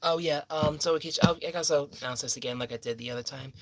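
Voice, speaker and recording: A young man telling a personal story in a rambling, halting way, full of fillers and restarts. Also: a little high. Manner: halting, repeats himself, many fillers and restarts.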